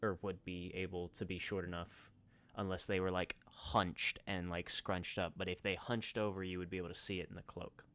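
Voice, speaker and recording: Brief: male game master, low-pitched, clear resonant tone, descriptive and a bit halting. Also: flat delivery, fairly bright tone. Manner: descriptive, with frequent restarts. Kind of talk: narrating a tabletop game.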